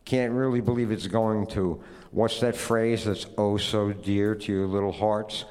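A man's voice: fairly low pitch, steady tone, unhurried, a little mellow, smooth, long reverb tail, lightly acted. A man voicing a tired, profane ancient creator god who grumbles and swears. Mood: soft consoling.

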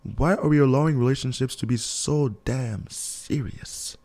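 A young man hosts a casual radio advice show in a mellow, warm voice. He talks in an emphatic, preachy way, pushes motivational points and chuckles between them. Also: medium pitch, unhurried.

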